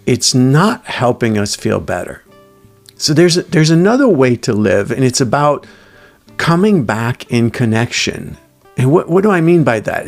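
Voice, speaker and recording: Guy with a gravelly voice talking slow and thoughtful about his day, faint guitar behind. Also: mid-range voice. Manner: thoughtful, halting, with restarts and quoted inner voice. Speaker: self-help speaker. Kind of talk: reflective solo talk with anecdotes.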